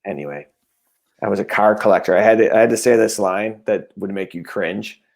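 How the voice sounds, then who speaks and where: A man guesting on a podcast, chatting loosely and halting between thoughts. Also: on the low side. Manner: relaxed, halting with fillers. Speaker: guest comedian. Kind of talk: casual chat.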